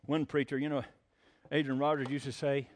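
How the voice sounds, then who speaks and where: A man's voice: medium pitch, flat delivery, brisk. An older man preaching a folksy sermon as pastor, mixing homespun jokes with emphatic preaching. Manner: homespun, jokey asides, rising to emphatic preaching.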